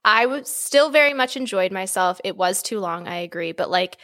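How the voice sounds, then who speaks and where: A woman with a mid-range voice co-hosts a podcast, speaking at normal speed in casual chat. She's animated and swears freely.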